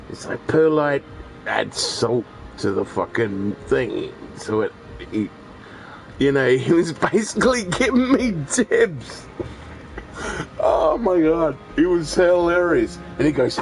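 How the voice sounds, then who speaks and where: Playing a video game on stream, a man rambles in casual chat, swearing freely and frequently restarting what he's saying. His voice is a bit high, creaky, and very animated at a measured pace, and the recording quality is rough.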